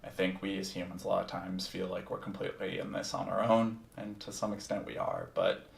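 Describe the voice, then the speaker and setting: A man's voice: deep voice, little pitch movement, brisk, gravelly, distant mic. A man hosting a podcast, telling a personal story in a candid, reflective way and swearing freely. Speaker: podcast host. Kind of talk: casual first-person storytelling. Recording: roomy sound, set back from the mic.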